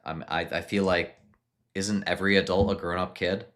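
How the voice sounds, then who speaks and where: A man in his thirties streaming casually and reading viewer questions aloud. He answers in a relaxed, hesitant way with frequent restarts. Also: low voice, normal speed. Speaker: fitness streamer answering live chat. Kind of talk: casual live-stream chat.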